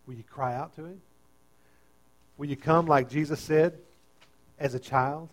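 Man, pastor, sermon, energetic preaching, soft-to-loud swings, somewhat high voice, faint mains hum. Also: unhurried.

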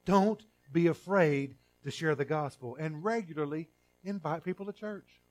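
A middle-aged man preaching a sermon as pastor, in a conversational way with restarts and repeated words, swinging between loud emphatic lines and quiet drawn-out phrases. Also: fairly high pitch.

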